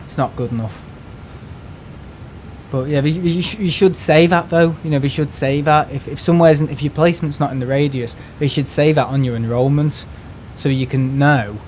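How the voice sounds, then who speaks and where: Venting on a live stream, a British man rambles in casual, exasperated chat, swearing freely and restarting words as he goes. He speaks at normal speed in a slightly high, slightly mellow voice, with a little background noise.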